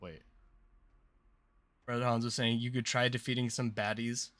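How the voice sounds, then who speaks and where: A man's voice: mid-range voice, flat delivery, normal speed, a bit bright, no room sound. A man hosting a casual gameplay livestream, chatting playfully and with hype to his viewers. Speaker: streamer and channel host.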